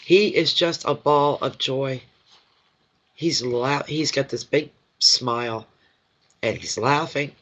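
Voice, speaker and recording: A man giving a live intuitive reading, emotional and awed, halting and restarting as he talks. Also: mid-range voice, fairly bright tone, dull audio. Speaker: intuitive card reader.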